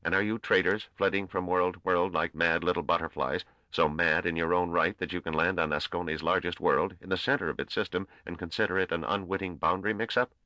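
Narrator doing a squeaky, scornful old ruler, clipped and cold, dull cassette sound. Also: male voice, fairly even intonation, brisk, few pauses, bright, forceful tone, dry recording. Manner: snapping, intoning, coldly formal. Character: small old balding male ruler, scornful and curt. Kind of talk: audiobook character voice.

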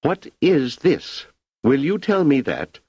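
A man's voice: medium pitch, big pitch swings, a little slow, no echo, pitched above the performer's own voice. A man reading an audiobook, voicing an agitated, imperious male galactic emperor who demands answers. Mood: indignant. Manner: shouting, demanding, indignant. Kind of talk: audiobook character voice. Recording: slightly muffled lo-fi recording.

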